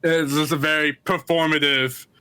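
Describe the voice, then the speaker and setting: Bright, playful man on a podcast. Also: a little high, steady tone, moderate pace, smooth, dry recording. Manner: playful, talkative, with restarts. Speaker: podcast co-host. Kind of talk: casual comedy chat.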